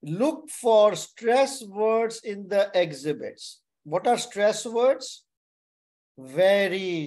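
A man's voice: high voice, a little mellow. A man tutoring exam candidates in an online webinar lecture. He repeats his key points and keeps checking in with "okay?". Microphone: webinar microphone.

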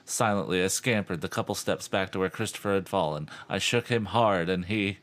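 Guy with a real low voice reading a book out loud on a podcast, dry jokey asides. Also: fairly quick. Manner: reads dryly, breaks into laughs and asides. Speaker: podcast co-host. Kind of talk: reading a novel aloud with jokes.

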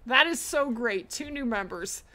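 A woman's voice: fairly high pitch, animated, unhurried, sharp tone. A woman streaming a hunting game live, chatting casually, thanking viewers and often laughing. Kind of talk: live gameplay stream chat.

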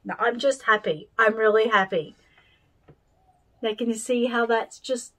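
An Australian woman giving a craft tutorial, rambling cheerfully and thinking out loud with plenty of fillers. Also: fairly high pitch, a little slow, pauses often, poor audio. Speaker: doll-making tutor.

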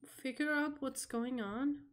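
A young woman streaming a horror game, reacting out loud, swearing and talking to the game as she plays. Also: sits high, slow pace. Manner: jumpy, swearing, talks to the game. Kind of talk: live gameplay reaction.

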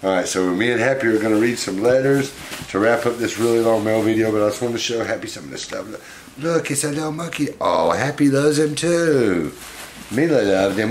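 Brief: lower-voiced man, casual unboxing vlog host, fond and chatty, clear background noise. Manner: chatty, fond, talks to his pets. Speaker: pet monkey owner and channel host.

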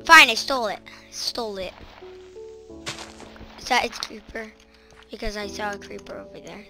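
A woman's voice: mid-range voice, moderate pace, creaky, over music. A woman giving let's-play commentary as she plays, chattering to herself and breaking into shrieks and screams whenever monsters appear. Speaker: gaming channel host.

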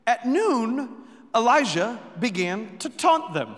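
A man preaching a sermon as pastor, telling the story with jokes, quick asides and sudden shouts. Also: sits high, lively intonation, big-room sound. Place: church sanctuary.

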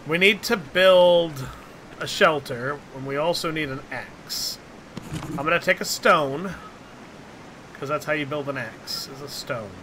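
A man's voice: fairly high pitch, measured pace, a little hiss or hum. A man giving casual, jokey commentary while playing a co-op survival game, yelping at scares. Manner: excitable, jokey, yelps at scares. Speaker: gaming channel host.

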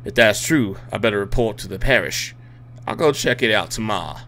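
A man's voice: fairly low pitch, expressive, brisk, a bit bright, a little hiss or hum. A man reading as a diary-writing homeowner in a put-on drawl. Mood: matter-of-fact. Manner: reading aloud in a put-on accent. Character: male homeowner writing a diary note about storms.

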